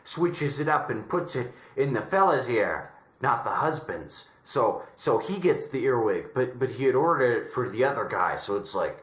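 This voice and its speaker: A man's voice: medium pitch, sing-song, normal speed, a bit bright, reverberant. A man giving an opinionated casual review, sarcastic and dismissive, often stumbling and restarting his words. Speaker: horror reviewer.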